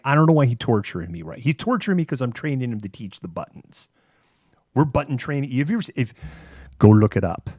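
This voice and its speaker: A man's voice: on the low side, mellow, dry recording, studio quality. A man hosting a live stream, telling rambling stories with a lot of swearing. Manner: rambling, profane storytelling. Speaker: host. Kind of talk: live-stream casual chat.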